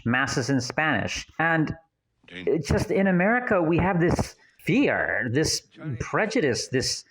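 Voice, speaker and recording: A man's voice: mid-range voice, fairly bright tone, low-quality recording. A man giving casual audio commentary in an earnest, rambling way, full of anecdotes.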